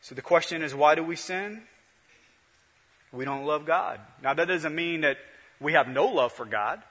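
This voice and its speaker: Male pastor, sermon delivery, bright and husky, rising and dropping volume, long church reverb. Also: a little high, normal speed. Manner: swings from loud to hushed, repetitive preaching cadence.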